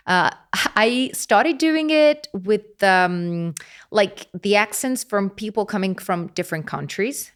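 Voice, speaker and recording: A woman's voice: medium pitch, lively intonation, slow pace, clear, resonant tone. A young adult woman from Rome with an Italian accent, chatting expressively as an interview guest with frequent hesitations. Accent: Italian, Roman. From Rome, Italy. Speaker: polyglot content creator guest. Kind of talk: casual interview chat.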